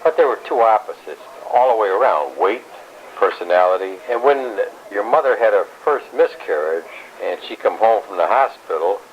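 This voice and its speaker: An older man, a grandfather, telling his life story in a rambling, blunt way with some salty language, recorded at home. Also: low-pitched. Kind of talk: casual family storytelling. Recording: dull home recording with faint hiss.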